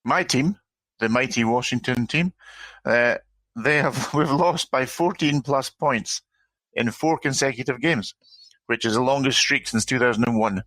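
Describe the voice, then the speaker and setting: A man co-hosts a casual sports podcast, his bright voice delivering dry jokes between stumbles. The recording is close and dry, with no room sound. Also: medium pitch, a little slow, no room sound, rough recording. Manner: dry wit, stumbles and repeats words. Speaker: co-host.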